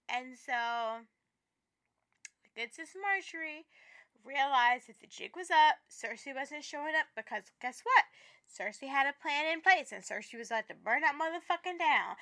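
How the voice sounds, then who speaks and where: A woman co-hosting a podcast, chatting in a profane, animated way that swings from loud to hushed. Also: a little high, normal speed. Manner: profane, animated, laughing, dramatic. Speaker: podcast co-host. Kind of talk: casual chat.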